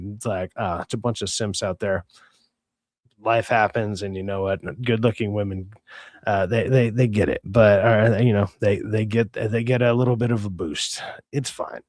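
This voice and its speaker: A young adult man hosts a livestream with a lowish, slightly mellow voice, recorded clean in a studio with no room sound. He rants profanely and in exasperation, stammering and restarting often, and reads out messages from the chat.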